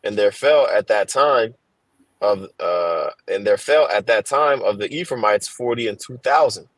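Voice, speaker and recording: A low-pitched man reads scripture in a laid-back study session. He stops often with fillers and restarts. The sound is dry and close. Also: no room sound, low-quality recording. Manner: halting, reads slowly with fillers. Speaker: scripture reader in a Bible class. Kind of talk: casual reading and discussion. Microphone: headphones on a stream.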